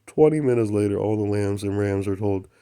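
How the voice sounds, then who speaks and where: A man hosts his own channel in a lowish, clear, resonant voice at a fairly quick clip. His spiritual story rambles, the grammar is broken, affirmations come back again and again like a chant, and now and then he sinks into soft, unvoiced murmuring.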